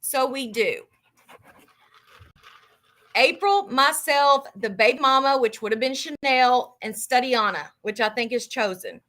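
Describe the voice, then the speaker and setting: Woman live-stream book host, higher voice, bright and forceful, reads aloud and cusses freely. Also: measured pace. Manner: casual and profane, reacting loudly between passages.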